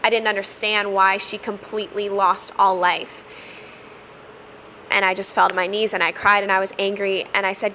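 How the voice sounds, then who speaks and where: A woman sharing a personal testimony in an earnest, reflective way, with frequent pauses and fillers. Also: medium pitch, level tone, bright, forceful tone, slight background noise, rough recording. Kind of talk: heartfelt personal storytelling.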